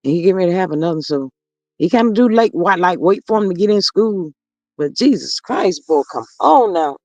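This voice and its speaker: Brisk and animated, a middle-aged grandmother with a lowish, darkish voice chats through her casual livestream, reading out viewer comments. Homespun and talkative, she exclaims "Lord have mercy" a lot. The audio is dull, with no room sound.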